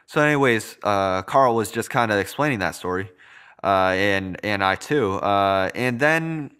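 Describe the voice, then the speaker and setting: A young man narrating a personal story in a loose, rambling way, full of filler words. His voice sits fairly low and sounds smooth and clear. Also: pushed and bright.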